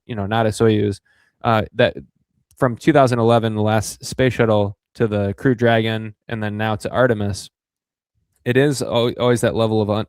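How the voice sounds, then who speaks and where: A man hosting a podcast, talking in a relaxed, chatty way. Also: fairly low pitch, no room sound, clean studio sound. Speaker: podcast host. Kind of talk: casual podcast chat.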